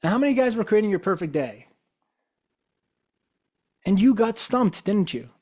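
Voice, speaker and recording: A man's voice: high-pitched, sing-song, moderate pace, a little mellow. A man giving a motivational talk as a guest speaker, telling stories and pressing his audience with rhetorical questions. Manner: probing, full of rhetorical questions.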